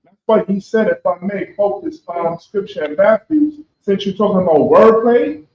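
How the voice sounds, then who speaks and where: Earnest man quoting scripture, high voice, lo-fi echoey recording. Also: animated, moderate pace. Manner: earnest, quotes scripture in old phrasing. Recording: echoey room, dull lo-fi sound.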